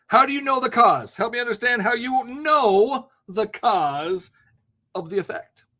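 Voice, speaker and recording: A man's voice: very high voice, expressive, unhurried, pushed and bright. A man hosting a live call-in debate podcast, blunt, mocking and profane, laughing often. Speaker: host.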